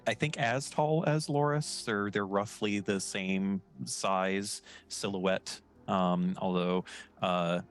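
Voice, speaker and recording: Deep-voiced man running a tabletop game. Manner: casual, hesitant, filler-heavy. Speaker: game master.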